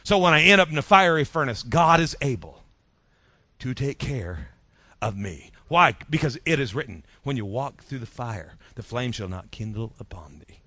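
A man preaching a sermon as pastor, in a rhythmic style that drops soft at phrase ends and leads the congregation in repeating lines. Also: medium pitch, big pitch swings, normal speed, dry recording. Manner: leads congregation in call-and-response.

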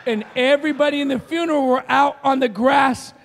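A middle-aged man preaches as a guest speaker, his voice high for a man and gravelly. He tells stories with animated energy and bursts into shouts. The sound carries a long reverb, like a large church. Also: brisk. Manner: animated storytelling, shouting quoted screams. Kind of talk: sermon.

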